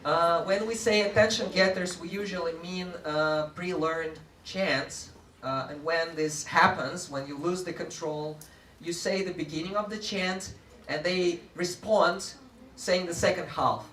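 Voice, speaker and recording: A man's voice: on the high side, fairly even intonation, unhurried, bright, forceful tone, a little hiss or hum. A man with a Russian accent, a teacher trainer giving a playful live workshop talk and demonstrating classroom chants. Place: training room with live audience. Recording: echoey room, mic from far off. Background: crowd of trainees.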